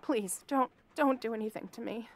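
A woman's voice: a little high, moderate pace. A young woman acting a frightened captive in an audio drama, stammering and pleading. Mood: pleading, scared. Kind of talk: audio role-play.

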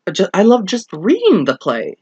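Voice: mid-range voice, huge pitch swings, normal speed, darkish tone, slightly rough, dry recording, highs cut off. Rambling, enthusiastic play reviewer, dry sound. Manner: enthusiastic, rambling, many "like" fillers; acts out quoted dialogue in shifting voices. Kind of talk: casual spoken review.

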